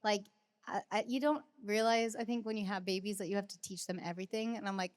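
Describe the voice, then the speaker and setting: A woman's voice: medium pitch, fast talker, a little mellow. Bubbly woman in her thirties chatting. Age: 30s. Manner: bubbly, laughs often, acts out quotes. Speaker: podcast co-host. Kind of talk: casual chat.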